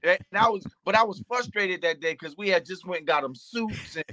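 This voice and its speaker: A pastor who founded a youth nonprofit tells an emotional personal story with real earnestness, repeating words and slipping into quoted asides. His high male voice moves fairly quickly and sounds bright and forceful on a dry recording.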